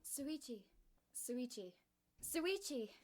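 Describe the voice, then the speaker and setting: A woman voicing an anxious, clingy teenage boy who pleads in a high, breathy voice in a storybook reading. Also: very animated, takes it slowly, darkish tone, reverberant, full character voice. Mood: alarmed.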